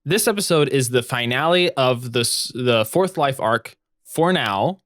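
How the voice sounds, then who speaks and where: A man's voice: medium pitch, lively intonation, a little slow, a bit bright, no echo, clean studio sound. A man hosting a podcast, narrating an improvised story in a chatty, giggly way with many fillers.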